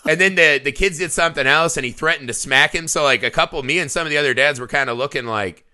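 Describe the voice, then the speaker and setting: Bright-voiced man telling profane stories. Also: fairly high pitch, fast talker, clean tone. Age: adult father. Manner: profane, animated storytelling with laughs. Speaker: podcast co-host. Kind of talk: casual movie review chat.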